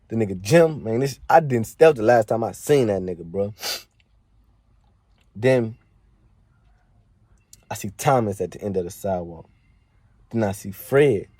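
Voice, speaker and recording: Young male storyteller, lowish and mellow, loose slangy profane delivery full of fillers. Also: animated, unhurried, long pauses, dry recording. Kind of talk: casual spoken storytelling.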